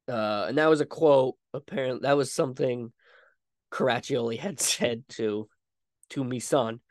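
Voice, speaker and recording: A man's voice: mid-range voice, normal speed, no echo. Chatty male podcast host, dry close sound. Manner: chatty, with frequent asides and fillers. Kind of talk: casual storytelling about history.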